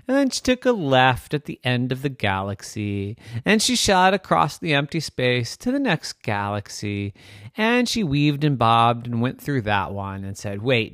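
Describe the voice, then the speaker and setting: A man's voice: mid-range voice, a bit bright, clean tone, dry recording, clean studio sound. A man telling an improvised bedtime story in a playful, sing-song way.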